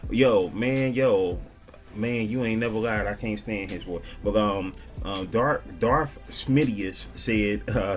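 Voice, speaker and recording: A laid-back man talks casually in a slangy style, shouting out viewers as he reads their comments. His voice sits on the low side. Faint music plays quietly underneath. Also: slow. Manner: slangy and laid-back, peppered with "you dig". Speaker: vlogger reading viewer comments. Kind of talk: casual chat.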